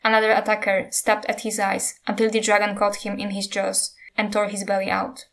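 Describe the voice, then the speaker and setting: A female narrator reads aloud from a fantasy novel in a steady, unhurried way. Her mid-range pitch barely shifts, so the passage comes out flat and even.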